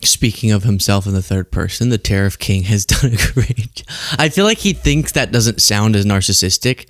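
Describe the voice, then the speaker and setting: A man's voice: lowish voice, expressive, moderate pace, no room sound. A man hosting a political commentary show, sarcastic and exasperated, often laughing.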